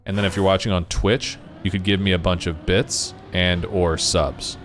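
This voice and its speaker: Male streamer, deep voice, rambling casual chat over loud game music. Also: steady tone, moderate pace. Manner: chatty, rambling, talks to chat. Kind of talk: casual live-stream chat while gaming. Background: game music and car sounds.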